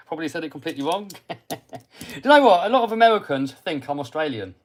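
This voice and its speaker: A man's voice: a little high, expressive, fast talker. Chatty English man reading live comments. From England. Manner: chatty, reads out viewer comments and answers them; drops to a mutter while fiddling with parts. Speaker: RC hobby livestream host. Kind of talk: casual live-stream chat while working on a model car.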